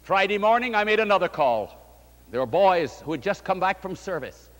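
An older man, a pastor, preaching a sermon and telling a story with fervent rises and quiet drops. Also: sing-song, normal speed. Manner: fervent preaching, voice swelling and dropping low. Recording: long hall reverb.

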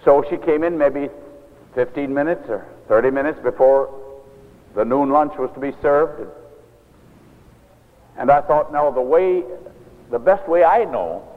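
A minister telling a story in a sermon, earnest and measured, often quoting scripture. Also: male voice, a little high, animated. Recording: tinny lo-fi recording in an echoey hall.

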